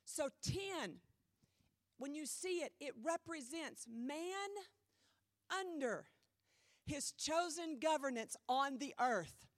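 A woman pastor preaching a sermon in a church, emphatic with dramatic pauses, her voice a little strained. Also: high-pitched, expressive, no room sound, clean studio sound. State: voice trouble, slightly strained.

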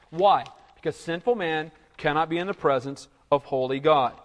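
A man's voice: high voice, long reverb tail. A male pastor preaching a sermon, emphatic, often asking the congregation "Amen?" and filling with "you know".

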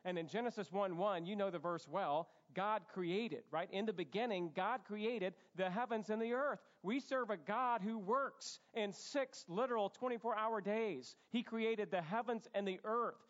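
A man preaching a sermon as a pastor, animated and conversational. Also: high-pitched, moderate pace, hardly any pauses. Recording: echoey hall, dull sound.

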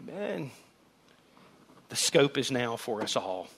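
A man's voice: medium pitch, sing-song, slow pace, creaky, a bit bright, slight background noise. A man, preaching a sermon in church in a conversational, joking style with emphatic repetition. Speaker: pastor. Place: church sanctuary with a congregation.

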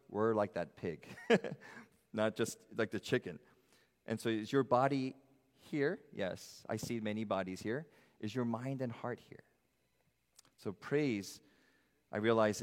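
A middle-aged man preaching a sermon as pastor, swinging from loud, high emphasis to soft, low asides. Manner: animated preaching, rising loud then dropping soft. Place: church sanctuary. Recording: long hall reverb.

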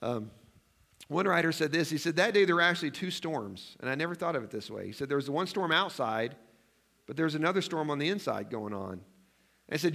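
A man's voice: on the high side, expressive, brisk, vocal fry, bright, forceful tone. A man preaching a sermon as pastor in a church, chatty and self-deprecating, acting out his own worried prayers. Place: church sanctuary.

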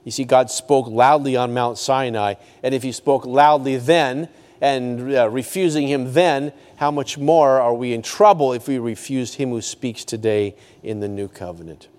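A man preaching a sermon as a pastor, swinging from high emphatic peaks to hushed low lines. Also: normal speed, long reverb tail.

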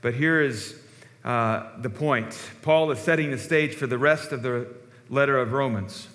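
A male pastor giving a sermon in a relaxed, conversational storytelling way. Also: medium pitch, measured pace, in a large hall.

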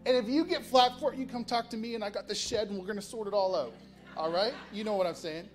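A man's voice: sits high, quick pace, soft background music. A man preaching as a pastor, emphatic, with repeated phrases and restarts. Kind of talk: sermon. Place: church sanctuary.

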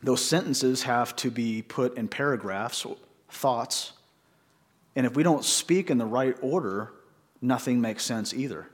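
A man's voice: medium pitch, a little slow. Man preaching a conversational sermon. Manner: conversational preaching with rhetorical questions. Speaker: pastor. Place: church.

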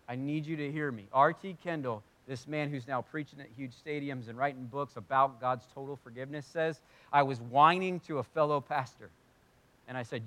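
A man preaching a sermon to a congregation in a church hall, speaking earnestly and conversationally, swinging from loud emphasis to hushed tones. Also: fairly high pitch. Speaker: pastor.

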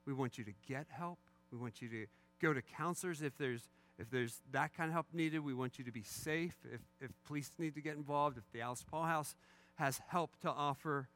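A middle-aged pastor with a highish, slightly bright voice delivers a sermon. He's conversational and candid, adding wry asides about his own failings.

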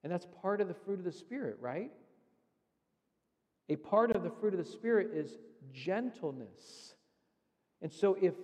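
A male pastor preaching with a slightly raised pitch and an earnest teaching manner. He walks through scripture step by step. His voice rings with the long reverb of a church sanctuary. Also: dark tone. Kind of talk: sermon.

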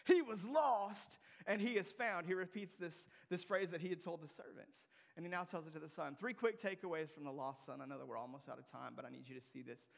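Gravelly high-pitched male preacher. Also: fairly even intonation, fast, few pauses. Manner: preaching with sudden loud emphatic climbs and hushed drops. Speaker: pastor. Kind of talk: sermon.

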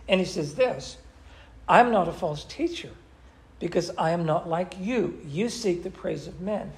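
A man's voice: high voice, gravelly, a little mellow, slightly rough. A man teaching an interactive Bible study who asks his class questions and quotes scripture expressively.

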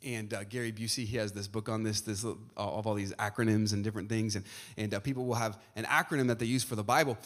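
A man preaching a sermon to his congregation, often filling pauses with uh and repeating phrases, and calling out questions for the crowd to answer. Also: on the low side, fairly even intonation, fairly bright tone. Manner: asks the congregation for responses. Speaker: pastor.

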